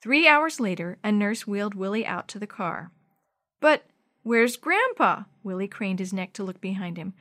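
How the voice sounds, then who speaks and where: A woman's voice: mid-range voice, brisk, few pauses, fairly bright tone. A woman reading a children's chapter book aloud in a scripted narration, lifting her voice for the dialogue. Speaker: storybook reader.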